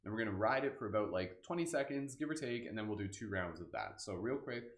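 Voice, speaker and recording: A man hosting a live guided meditation, speaking in a relaxed, casual way full of "like" and "kind of", leading affirmations and laughter breathing. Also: on the low side, fast talker, roomy sound. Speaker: meditation host.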